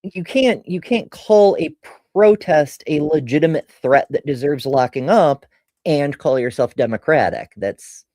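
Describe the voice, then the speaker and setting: A man hosting a livestream, offering brief, measured comments in casual chat. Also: on the high side, expressive, dark tone, dry recording, studio quality. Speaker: livestream host.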